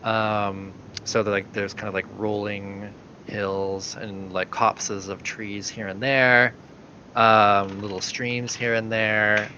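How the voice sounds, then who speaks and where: Man running a tabletop game, bright voice, low-ish, dull lo-fi sound, faint hiss. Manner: hesitant, many fillers and restarts. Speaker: dungeon master. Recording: dull lo-fi recording with faint noise.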